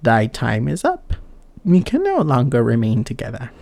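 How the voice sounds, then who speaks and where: Brief: stern old woman of a fairy tale, deliberate and gravelly, in a dry close recording; a man reads her. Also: mid-range voice, wildly swooping pitch, a little mellow, dry recording. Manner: slow, archaic and measured. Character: stern old wise woman, kindly underneath.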